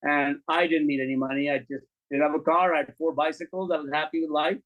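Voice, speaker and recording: Phone-quality sound carries a quick, somewhat high male voice belonging to a middle-aged film director. As an interview guest, he tells animated, frank, foul-mouthed tales and voices the quoted dialogue.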